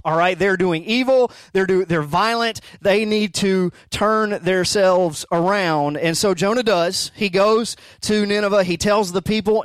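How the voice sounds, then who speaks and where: A man in his thirties preaching a casual sermon as pastor, talking in halting restarts with joking asides. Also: high voice, no echo. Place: darkened church auditorium.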